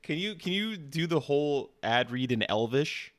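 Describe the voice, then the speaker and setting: A man streaming, teasing an AI in casual banter, deadpan and stammering. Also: fairly high pitch, normal speed.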